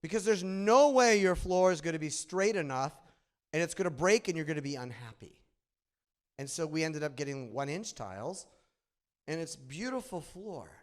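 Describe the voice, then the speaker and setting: A middle-aged man with a nasal Midwestern accent gives an animated conference talk, telling stories and asking the audience questions. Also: fairly high pitch. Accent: Midwestern American. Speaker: conference presenter. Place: conference room.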